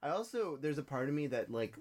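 A man's voice: mid-range voice, big pitch swings, fast talker, a little mellow. A man co-hosting a podcast in casual chat about a TV episode, enthusiastic and rambling, often restarting his sentences. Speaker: podcast co-host.

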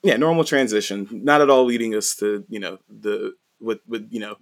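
Podcast host, male, low register, loose animated recap delivery. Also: normal speed. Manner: animated storytelling, frequent "like" and "right?". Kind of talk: casual recap chat.

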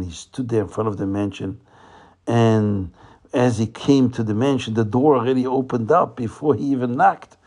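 A man telling a religious folk tale in an animated way, often repeating phrases for emphasis. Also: lowish voice. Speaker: storyteller.

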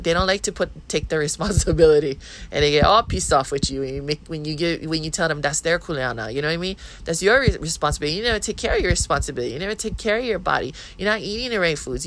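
A woman's voice: lowish voice, a bit bright, slight background noise, low-quality recording. A woman in her thirties with a Hawaiian Pidgin accent, hosting a podcast in a blunt, profane, rambling monologue. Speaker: podcast host. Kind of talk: casual monologue.

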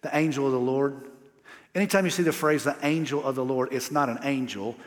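A man's voice: mid-range voice, fairly quick. A man pastor preaching a sermon in a casual, emphatic way with slangy asides. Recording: long hall reverb.

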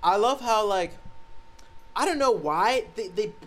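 A man's voice: sits high, animated, unhurried. A young man co-hosting a podcast, telling rambling stories in a casual chat, swearing and laughing often. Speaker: podcast co-host.

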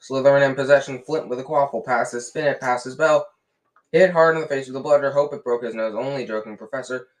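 A man reading aloud and voicing an excitable young male sports commentator with cheeky, rapid play-by-play. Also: mid-range voice, lightly acted, rough recording. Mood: frantic.

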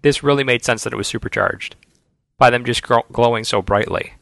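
Male podcast co-host, gravelly, upbeat fan energy, dry close mic. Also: mid-range voice, fairly quick, a bit bright, no room sound. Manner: enthusiastic fan, playful sound effects. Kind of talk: casual chat.

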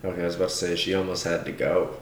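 A man's voice: low voice, little pitch movement, very fast, echoey room. A man from the United States hosting a casual podcast chat, joking and teasing his guest with crude humor. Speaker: podcast host.

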